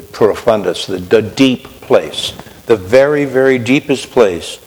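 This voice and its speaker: A man's voice: mid-range voice, a little mellow. Man preaching in a reverberant hall. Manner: conversational, asks listeners questions. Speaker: pastor. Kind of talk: sermon.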